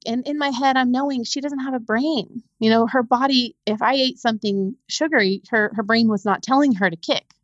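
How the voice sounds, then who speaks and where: A woman's voice: a little high, dry recording, lo-fi sound. Woman telling a painful story. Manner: halting, repeats words when upset. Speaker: podcast guest. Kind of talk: emotional personal storytelling.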